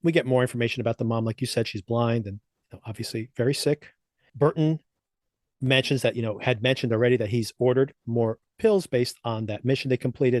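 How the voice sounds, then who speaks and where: A man's voice: medium pitch, no room sound, studio quality. Easygoing male podcast co-host. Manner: easygoing, agreeable, recaps plot at length. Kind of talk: casual chat.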